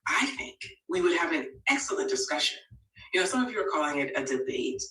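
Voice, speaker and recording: Woman, bright lively earnest appeal, distant mic, roomy echo. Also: fairly low pitch, fast. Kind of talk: earnest direct-to-camera appeal.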